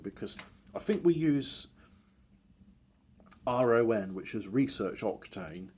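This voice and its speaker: A man's voice: on the low side, a little mellow, slight background noise. A man in casual chat, rambling and correcting himself with wry asides.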